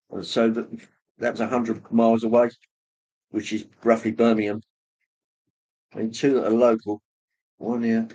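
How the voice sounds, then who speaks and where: A man hosting a livestream, casually rambling as he reads viewer comments, with many pauses and fillers. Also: lowish voice, darkish tone. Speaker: livestream host reading chat. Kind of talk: casual chat.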